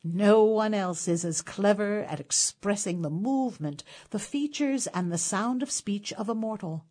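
A woman narrating a literary tale in a measured, expressive storytelling manner. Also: medium pitch.

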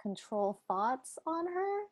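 A woman's voice: high-pitched, big pitch swings, takes it slowly, no room sound. A bubbly woman playing in a tabletop game, chatting casually. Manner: bubbly, giggly. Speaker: player.

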